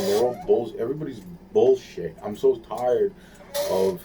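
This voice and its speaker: A man's voice: on the low side, a little slow, background noise. A man talking in a rambling, repetitive monologue, swearing and searching for words.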